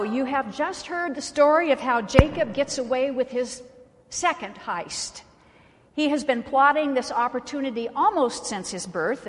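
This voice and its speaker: A woman pastor preaching a sermon in a conversational way, with wry asides. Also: sits high. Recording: reverberant church sanctuary.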